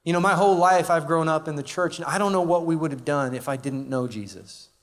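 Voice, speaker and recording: A man's voice: on the high side, fairly quick. A man speaking at a conference, telling a personal testimony in a conversational, emotional way with many fillers, into a stage microphone. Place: large live conference venue. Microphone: handheld or stage microphone.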